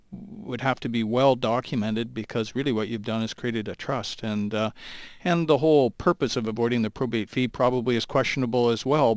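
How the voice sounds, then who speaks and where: A man, a lawyer guest, explaining legal ideas in a thoughtful, halting way on a talk show. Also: mid-range voice, dry recording. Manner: thoughtful, halting, with many restarts.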